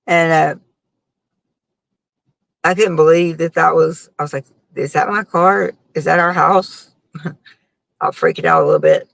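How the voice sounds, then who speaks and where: A woman's voice: sits low, animated, a little slow, creaky, pauses often, fairly bright tone, no echo, rough recording. A middle-aged woman, hosting a casual live chat and telling a long, rambling story full of fillers. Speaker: host.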